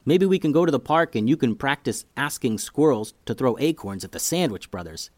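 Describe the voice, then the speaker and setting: A man voicing an excitable, dramatic boy who exclaims in a panicky way, in a children's story. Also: mid-range voice, fairly quick, no echo, close to an everyday voice. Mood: amazed.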